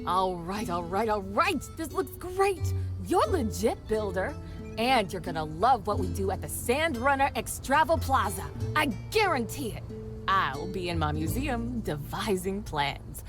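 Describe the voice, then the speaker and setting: A woman's voice: mid-range voice, very animated, a little slow, over music. A woman voicing an eager, confident showman in a video game who plans a big town attraction, speaking in an upbeat, salesy way.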